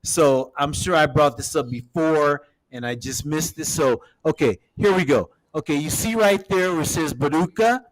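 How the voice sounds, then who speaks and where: A man's voice: fairly high pitch, moderate pace, few pauses. A man hosting a casual livestream, rambling while showing a map and talking to viewers as everybody. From United States. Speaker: show host.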